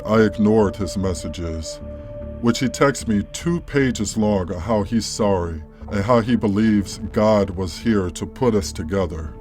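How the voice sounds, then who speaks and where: Brief: male narrator, lowish voice, calm measured reading over faint music. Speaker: story narrator. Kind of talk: scripted narration of a horror story. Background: faint background music.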